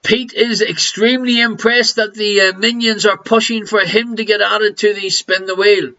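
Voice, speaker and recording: A man's voice: sits high, steady tone, moderate pace, bright, forceful tone, highs cut off. A man with an Irish accent hosting a live online quiz, jokey and teasing, laughing between questions. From Ireland. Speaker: quiz host.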